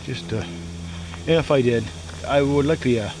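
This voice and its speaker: A man's voice: mid-range voice, moderate pace. Rambling man at a woodland campsite. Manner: rambling, repeats himself, relaxed chatty. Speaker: outdoor vlogger. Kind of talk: casual solo camping vlog. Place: campsite in the woods, outdoors. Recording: outdoor recording with steady background noise.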